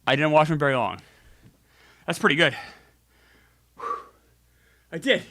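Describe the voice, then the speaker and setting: A man commenting over a sports video game in a loose, joking way, swearing now and then and talking straight to his viewers. His voice sits a little high, swings widely in pitch and has a bright, forceful edge. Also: animated, unhurried, long pauses, no echo. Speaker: gaming show host.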